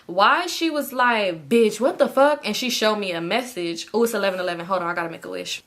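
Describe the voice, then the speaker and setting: Casting note: young woman, casual storytime, lively delivery with sudden high quoted lines. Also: fast talker. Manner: animated, swearing, acts out quotes in high bursts.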